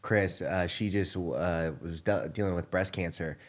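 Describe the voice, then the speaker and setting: Deep-voiced male podcast host. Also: measured pace. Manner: relaxed, laughs often, lots of fillers. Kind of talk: casual interview chat.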